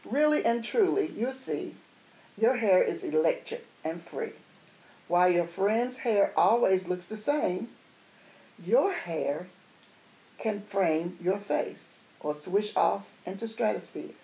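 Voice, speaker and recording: A motherly woman from a storybook, voiced by a woman talks slowly and coaxingly, with a gentle, teasing tone. Her voice sits at a middle pitch, and her manner stays patient and unhurried. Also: expressive, poor audio. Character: patient, coaxing grown-up woman braiding hair.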